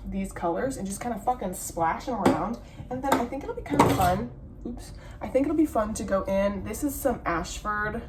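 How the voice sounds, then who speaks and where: A woman's voice: mid-range voice, slight background noise. A young woman chatting casually and rambling, swearing freely as she shows yarn and dyes it at home. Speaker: vlogger, yarn dyer.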